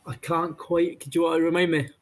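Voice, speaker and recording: A man's voice: fairly high pitch, level tone, moderate pace. A man with a Scottish accent from Inverness with some Edinburgh twang, co-hosting a casual podcast with brief, dry replies. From Scotland. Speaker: podcast co-host.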